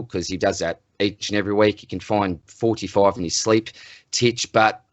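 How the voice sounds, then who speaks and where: An Australian man co-hosting a casual sports podcast, ranting in an animated, exasperated way. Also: lowish voice, moderate pace, no echo, dull audio. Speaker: podcast co-host.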